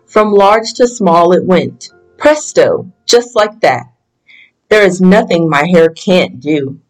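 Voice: mid-range voice, animated, takes it slowly, soft background music, poor audio. A reader giving a children's picture book a plain first-person reading. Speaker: storyteller.

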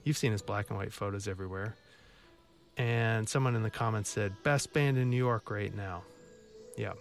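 A man's voice: fairly low pitch, moderate pace, gravelly, faint music behind. A man hosting a college radio show, back-announcing songs in a wry, self-mocking, chatty way. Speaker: radio DJ host. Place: radio studio.

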